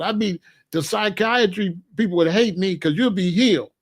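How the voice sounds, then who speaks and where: A man hosting a comedic monologue, an animated, profane storyteller who laughs often. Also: high-pitched, normal speed. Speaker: podcast host.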